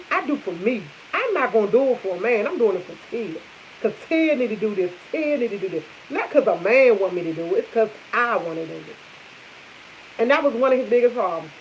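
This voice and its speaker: A woman's voice: on the high side, slight background noise. A young adult woman chatting casually to her viewers, blunt and emphatic, repeating her points for force. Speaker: vlogger. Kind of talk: casual chat to camera. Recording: dull lo-fi audio.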